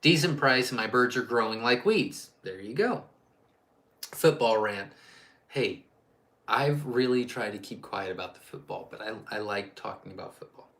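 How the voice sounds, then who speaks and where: A man's voice: lowish voice, moderate pace, fairly bright tone. A man hosting a casual live-stream Q&A as a quail farm owner, chatty and rambling, reading viewer questions aloud and answering off the cuff.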